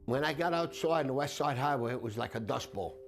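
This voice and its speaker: Firefighter, male, documentary interviewee; animated storyteller who acts out voices; low music bed. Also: a little fast, gravelly. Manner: vivid storyteller who acts out shouted quotes.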